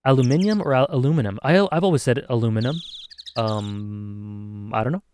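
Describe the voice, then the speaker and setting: A man's voice: medium pitch, moderate pace, darkish tone, a little hiss or hum. Canadian man joking through a game. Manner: joking, self-deprecating asides. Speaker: streamer. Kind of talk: reading a visual novel aloud.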